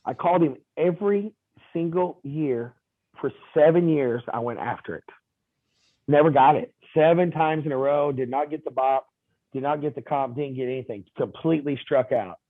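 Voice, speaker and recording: A man recounts sales anecdotes in an easygoing interview, slipping into the voices of the people he quotes and padding his sentences with ums and uhs. His voice sits a little high for a man. The sound is dry and thin, like a phone call. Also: no room sound. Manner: lively anecdotal telling with quoted dialogue and fillers. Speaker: insurance agent guest. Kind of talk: casual interview storytelling. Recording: tinny phone-like line.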